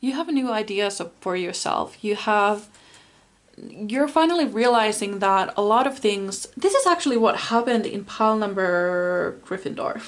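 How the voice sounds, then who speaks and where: A woman giving a spoken tarot reading, soft and earnest, with many fillers. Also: mid-range voice, animated, a little slow. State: tearful, emotional. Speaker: tarot reader.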